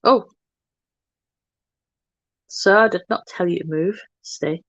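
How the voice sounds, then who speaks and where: A woman's voice: on the low side, slow pace, no echo, muffled recording. A woman hosting a makeup livestream, chatting casually and teasing herself in playful banter as she works. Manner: playful, self-mocking banter. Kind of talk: casual chat while doing makeup live.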